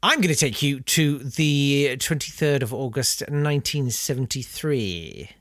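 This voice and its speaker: Lively man, comic storyteller. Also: medium pitch, measured pace, no room sound, studio quality. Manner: animated, laughing, jokey put-on voices. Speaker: podcast co-host telling a story. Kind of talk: comedic history storytelling chat.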